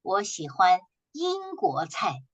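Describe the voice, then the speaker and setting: A woman teaching a language class, patiently repeating short phrases slowly for her students to echo. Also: mid-range voice, wildly swooping pitch, highs cut off.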